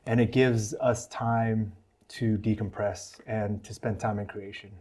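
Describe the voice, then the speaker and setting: A fairly low-pitched American man, speaking at a measured pace, gives his testimony as a podcast guest. His storytelling is casual, earnest, and animated, complete with impressions of the people he quotes.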